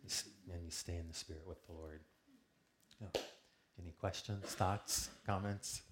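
A man telling a personal story to a small group in a calm, earnest way, acting out the lines of the people in it. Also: low voice, moderate pace, background noise. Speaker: speaker sharing a testimony with a group.

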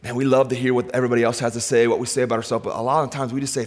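A middle-aged man preaching a sermon in a church, animated and conversational, swinging between loud excitement and hushed softness. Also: mid-range voice, racing, few pauses, big-room sound. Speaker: pastor. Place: church sanctuary.

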